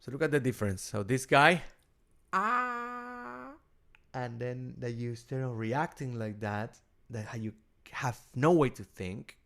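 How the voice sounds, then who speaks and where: Gravelly man teaching, halting restarts. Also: mid-range voice, a bit bright. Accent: Argentine Spanish. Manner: halting, with many repeated words and restarts. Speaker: rabbi and cantor. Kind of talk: informal teaching talk.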